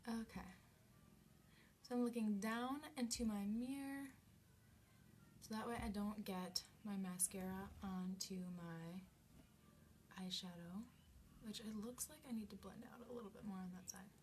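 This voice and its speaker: A woman hosting a casual live makeup tutorial from home. She chats as she works and often slips into soft half-whispers. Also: mid-range voice, steady tone, measured pace, long pauses, a little hiss or hum. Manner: chatty, drifts into soft half-whispers, coos at her cat. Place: indoors at home at a makeup mirror.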